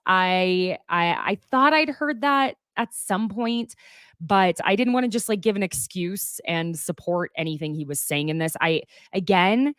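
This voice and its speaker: A woman's voice: mid-range voice, expressive, moderate pace, fairly bright tone, dry recording, clean studio sound. A young woman hosting a casual live-streamed gossip show, chatty and rambling, often laughing.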